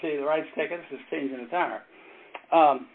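A pastor and former Navy chaplain leads an informal Bible study, telling rambling stories with halting restarts and frequent chuckles. His male voice sits slightly high, and the audio is tinny and phone-thin with faint noise.

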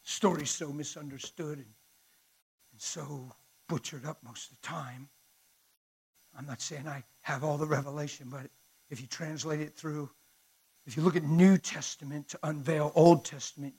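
A man preaching a sermon in an impassioned way, swinging from hushed, quiet lines to shouted peaks. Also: fairly high pitch, steady tone, moderate pace, slightly rough.

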